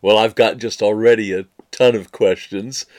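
A man's voice: lowish voice, fairly even intonation, normal speed, darkish tone. A man hosting an interview, chatty and playful, with lots of encouraging backchannels. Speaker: podcast host interviewing a tour guide. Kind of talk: casual interview chat.

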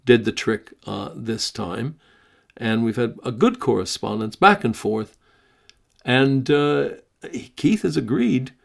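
Slow, gravelly American man hosting a podcast. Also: medium pitch. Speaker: podcast host. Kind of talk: casual podcast talk and reading a story aloud.

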